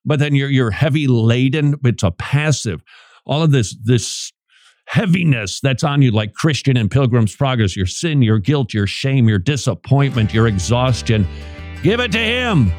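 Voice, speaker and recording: A man hosting a radio show, teaching from the Bible with emphatic, dramatic preaching that swings suddenly in pitch. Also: normal speed, a little mellow, no echo, faint music behind.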